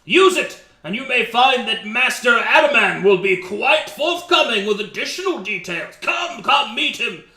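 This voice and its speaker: A man voicing Mon Mon, a boisterous, hearty trainer of recruits who speaks loudly and theatrically in a tabletop game. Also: very high voice, expressive, a little slow, hardly any pauses, roomy sound, voice pushed up, heavily acted. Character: boisterous jolly male warrior trainer.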